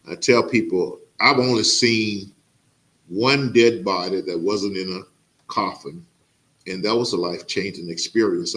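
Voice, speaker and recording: A middle-aged man from Mississippi hosts a podcast interview. His voice sits fairly low, and he speaks earnestly, pausing often on "uh" as he gathers his thoughts. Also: fairly bright tone. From Mississippi, USA. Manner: halting, many "uh" fillers, earnest. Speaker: podcast host. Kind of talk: casual interview introduction.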